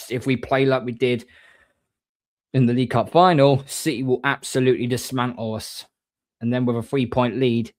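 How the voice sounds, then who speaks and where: A man hosting a casual livestream, reading viewer comments and giving shout-outs in a rambling, chatty way. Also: mid-range voice, no room sound. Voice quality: rambling, frequent restarts, mate-and-bro shout-outs. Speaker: livestream host.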